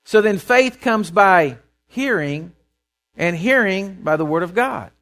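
A man's voice: sits high, takes it slowly. A pastor preaching a sermon from a church pulpit in plain, folksy words, acting out the voices of the people he describes. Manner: animated, acts out voices of people he quotes.

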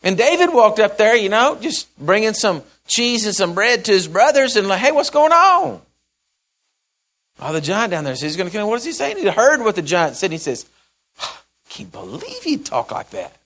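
Animated folksy preacher man. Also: sits high, fast, few pauses. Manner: folksy storytelling, acts out the characters; swings from loud to soft, repeats phrases. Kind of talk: sermon.

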